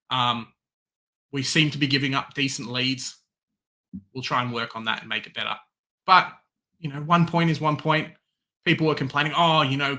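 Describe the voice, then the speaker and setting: Animated Australian man, bright voice. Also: a little high. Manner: animated, swings into loud excited outbursts and resigned mutters. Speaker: fantasy football podcast host. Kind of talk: casual sports chat.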